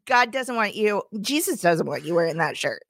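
A woman co-hosting a podcast, telling a story in a lively, indignant way and acting out the dialogue. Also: mid-range voice, moderate pace, no echo, clean studio sound. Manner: animated, indignant storyteller who acts out dialogue. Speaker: podcast co-host. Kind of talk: casual chat, storytelling.

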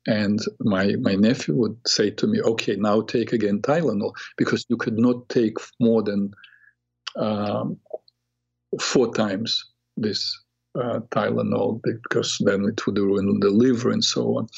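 An older man, a psychotherapist hosting a talk show, telling a personal story in an earnest, reflective way with halting restarts. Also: lowish voice, vocal fry, a little mellow, husky. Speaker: radio show host and psychotherapist. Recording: dull lo-fi radio audio.

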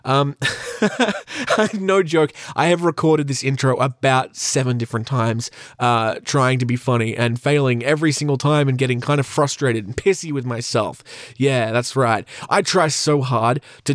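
A man's voice: medium pitch, moderate pace, no room sound, studio quality. Rambling, joking male podcast host. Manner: rambling, self-deprecating, joking asides. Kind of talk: casual comedic podcast chat.

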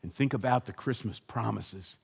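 A man preaching a sermon as pastor, animated and acting out the voices of hopeful and disappointed people. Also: lowish voice, moderate pace, vocal fry, slightly rough. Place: church sanctuary. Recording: long hall reverb.

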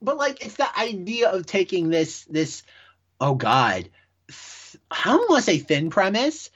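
A man co-hosting a casual podcast, talking haltingly with many restarts. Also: high-pitched, big pitch swings, a bit bright, husky. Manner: halting, full of likes and restarts. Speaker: podcast co-host. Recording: dull lo-fi mic.

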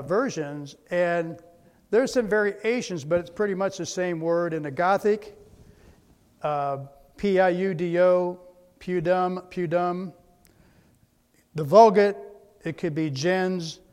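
A man giving a slide presentation lecture, methodical, spelling out words letter by letter. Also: high voice. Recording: long hall reverb.

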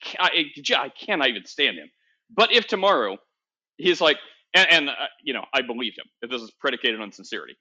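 A podcast host chats casually in a mid-range voice with big pitch swings, talking quickly in a sharp tone. He rambles, keeps restarting his sentences, and often laughs at himself. The recording sounds dull and lo-fi.

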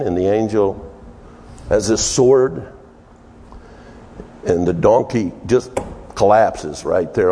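A man with a mellow voice preaches a conversational sermon, telling a story with emphatic, jumpy delivery and sudden leaps in pitch. The recording has slight background noise and the long reverb of a large hall.

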